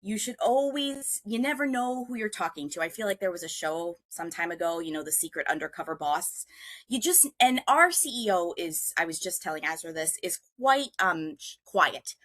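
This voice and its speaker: A woman's voice: lowish voice, expressive, moderate pace, fairly bright tone, dry recording. A young woman speaking as a guest presenter on a video call, telling a story with animation, self-deprecating humor and frequent ums. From Michigan. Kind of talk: webinar presentation.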